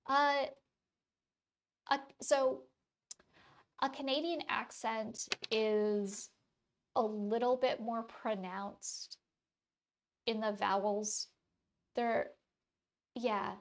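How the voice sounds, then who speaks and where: A woman's voice: on the high side, fairly even intonation, extremely slow, long pauses, slight background noise. A woman in her thirties with a faint Wisconsin accent, chatting casually with her stream audience while drawing, rambling with lots of fillers. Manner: rambling, many fillers and restarts.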